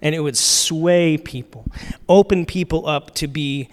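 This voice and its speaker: At a measured pace and a higher pitch, a pastor preaches in a church sanctuary. His casual sermon has lots of fillers and restarts, and the large hall lends the recording a long reverb.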